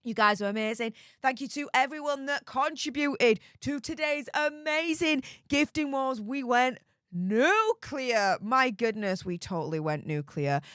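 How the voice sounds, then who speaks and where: A young English woman hosting a live stream, rambling in a chatty, excitable way with plenty of fillers and mild cursing. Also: high-pitched, normal speed, hardly any pauses, clean tone, dry recording, studio quality. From Yorkshire, England. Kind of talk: casual live stream chat.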